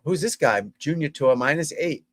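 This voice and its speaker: A man's voice: on the high side, moderate pace, no echo. Golf coach guy chatting on a livestream, blunt and swears a lot, dry close mic. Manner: blunt, profane, chatty, addresses viewers as folks and guys. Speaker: golf instructor hosting a livestream. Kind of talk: casual livestream commentary.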